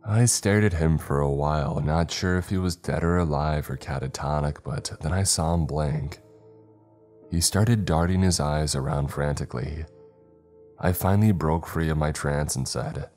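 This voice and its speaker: Very deep-voiced male horror narrator. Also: normal speed, darkish tone, faint music behind.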